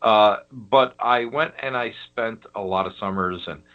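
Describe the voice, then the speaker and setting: A man's voice: on the low side, unhurried. A man from Western New York, a guest telling a funny story on a podcast, laughing as he goes. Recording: dull lo-fi audio.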